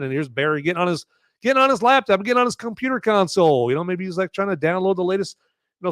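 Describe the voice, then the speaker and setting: A man's voice: on the high side, a bit bright, no echo, clean studio sound. A man from the United States hosting a live movie review podcast, rambling in casual chat with lots of fillers and restarts. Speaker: podcast host.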